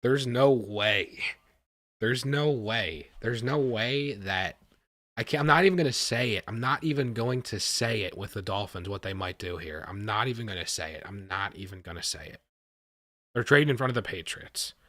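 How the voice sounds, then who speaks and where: Excitable man reacting live, low voice. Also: fairly quick, no echo. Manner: excitable, talks to chat, repeats himself. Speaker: livestream host reacting to a draft.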